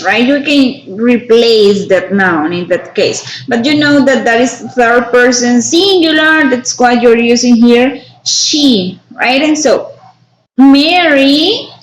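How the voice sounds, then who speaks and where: A woman teaching an English grammar lesson, her voice sitting a little high. She explains each step slowly and checks in with the class again and again. The room rings with a clear echo. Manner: slow, explanatory, frequent tag "right?". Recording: echoey room.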